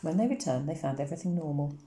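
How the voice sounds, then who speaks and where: A woman reads a novel aloud in a steady, even storytelling manner. Her voice is low and dark with a gravelly edge. The recording carries a roomy echo. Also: quick pace. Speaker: audiobook reader.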